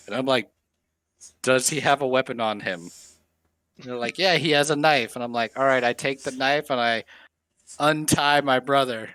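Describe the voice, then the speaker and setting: A man co-hosting a podcast, telling a funny story in an animated way and laughing as he acts out what others said. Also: medium pitch, normal speed, no echo. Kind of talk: casual storytelling chat.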